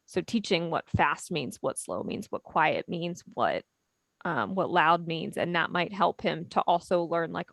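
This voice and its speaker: A woman specialist giving gentle, explanatory advice on a webinar video call. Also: fairly low pitch, animated, a little slow, gravelly, dry recording. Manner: gentle, explanatory, with many fillers.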